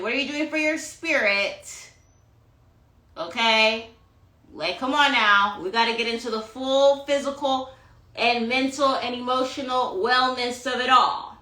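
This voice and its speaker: A woman's voice: a little high, pushed and bright, roomy sound. Sassy, profane woman preaching self-love. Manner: sassy, profane, preachy, calls listeners honey. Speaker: tarot reader. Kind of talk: Instagram live astrology rant. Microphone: phone.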